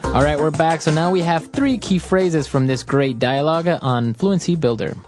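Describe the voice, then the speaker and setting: A man co-hosting an English lesson podcast, steady and affirming as he explains words and grammar. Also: a little high, normal speed, music in the background. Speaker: co-host teacher.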